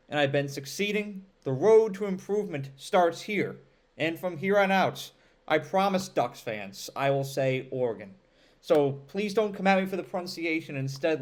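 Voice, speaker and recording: A man with an upstate New York accent hosting a college football show, talking to camera with energetic, emphatic hype. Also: a little high. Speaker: sports show host.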